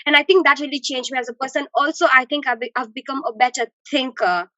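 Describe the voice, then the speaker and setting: A young woman, a university student being interviewed, talking in an expressive, dramatic way and laughing often. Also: high voice, fast, no echo, muffled recording. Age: young adult. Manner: expressive and dramatic, laughs often, acts out her own thoughts. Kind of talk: casual interview chat.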